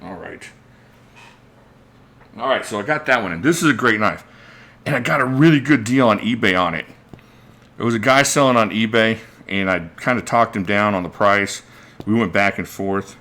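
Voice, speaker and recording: A knife channel host runs a casual livestream, rambling and thinking aloud while greeting viewers by name, reading their names out mid-talk. His voice is on the low side, bright and forceful in tone, at a moderate pace with long pauses.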